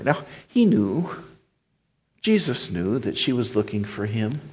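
A man preaching a sermon, rising to emphatic appeals and dropping to soft hushed passages. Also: on the low side, sing-song, unhurried, breathy edge, muffled recording. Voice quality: whispers at times. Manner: swells loud and emphatic, then drops to a soft hush.

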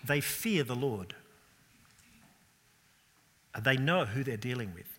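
A male preacher delivers an earnest sermon, pressing his listeners with rhetorical questions. His voice is bright and forceful. A long church reverb trails each phrase. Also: mid-range voice, lively intonation, slow, breathy edge.

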